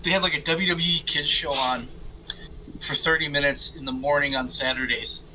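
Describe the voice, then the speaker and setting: Animated, high-voiced male podcast co-host. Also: normal speed, rough recording. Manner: animated storyteller, swears freely. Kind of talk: casual chat.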